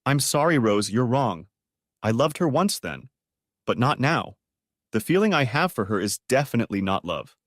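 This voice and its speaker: A man's voice: medium pitch, sing-song, normal speed, fairly bright tone, no room sound, clean studio sound. A man doing a bitter, ranting mechanic. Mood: angry. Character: bitter, heartbroken male mechanic, adult.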